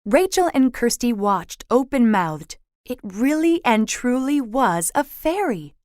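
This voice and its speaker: Slow, expressive woman reading a storybook. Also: fairly high pitch, no room sound, clean studio sound.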